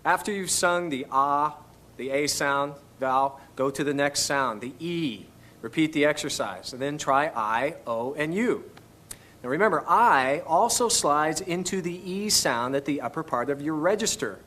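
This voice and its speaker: A man's voice: on the high side, expressive, a little slow, a bit bright. A man teaching singing on an instructional video, patiently coaching each step. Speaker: vocal instructor.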